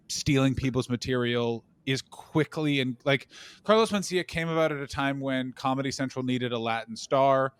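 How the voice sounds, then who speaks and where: A man chatting on a comedy podcast, spinning loose, animated stories with plenty of swearing and acted-out quotes. His voice is close and dry, with no room sound, and sits at an ordinary pitch. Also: clean tone, no room sound. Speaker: podcast co-host. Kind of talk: casual comedic chat.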